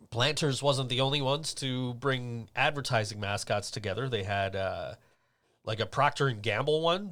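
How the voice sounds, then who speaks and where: A man with a mid-range, fairly bright voice hosts a podcast. He rambles through his stories in a casual, chatty manner, using lots of fillers.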